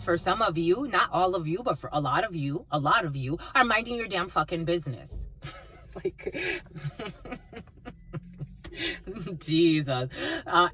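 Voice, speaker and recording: A woman's voice: mid-range voice, sharp tone, a little hiss or hum. A woman reading cards for her viewers, telling a story in a blunt, profane, casual way. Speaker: psychic card reader.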